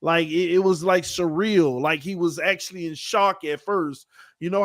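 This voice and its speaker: A man with a high-pitched, a bit bright voice co-hosts a podcast, talking football at a moderate pace with fairly even intonation. His relaxed, rambling sports chat often trails off with "man," and the studio sound is clean with no echo.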